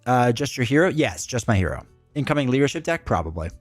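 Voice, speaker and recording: A man's voice: medium pitch, very animated, fast talker, dry recording, soft background music. Chatty male streamer, dry close sound. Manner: chatty, reads and answers chat, rambling asides. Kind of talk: casual live-stream chat.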